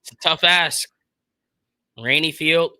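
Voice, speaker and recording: A young man streaming casual live play-by-play of a football game, excitable and slangy, laughing often with his chat. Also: a little high, slow pace.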